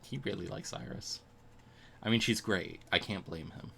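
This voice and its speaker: A man's voice: on the low side, moderate pace, gravelly, bright, forceful tone, a little hiss or hum. A man streaming a video game, making casual joking asides between the dialogue he reads aloud.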